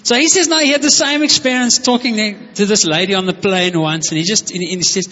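High, husky man preaching in an echoey hall. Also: quick pace, bright, forceful tone. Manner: enthusiastic, storytelling, calls out to the congregation. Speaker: pastor. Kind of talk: conversational sermon. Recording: echoey hall, dull lo-fi sound.

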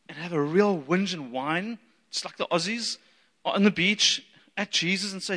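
A male pastor preaches with a bright, fairly high voice, animated and playing out the people he quotes. His voice rings with a long reverb through a large hall. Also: normal speed. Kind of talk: sermon.

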